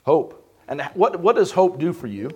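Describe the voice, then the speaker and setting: A man leads a Bible class in a church classroom, his voice sitting a touch high. He preaches emphatically and keeps stopping to put questions to the class. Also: big pitch swings, normal speed, a little mellow, husky. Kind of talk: interactive Bible study sermon.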